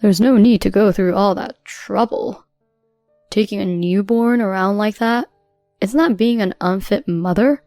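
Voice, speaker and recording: A woman voicing a cold, calm selfish husband. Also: mid-range voice, measured pace, no room sound, studio quality, faint music behind, close to an everyday voice. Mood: dismissive. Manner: calm, dismissive.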